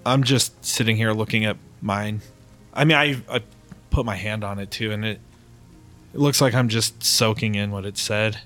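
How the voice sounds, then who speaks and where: A man's voice: fairly low pitch, fairly even intonation, moderate pace, a bit bright, soft background music. A man playing a tabletop game, earnestly describing his character's actions. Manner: earnest, emotional, narrating his own actions. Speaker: player.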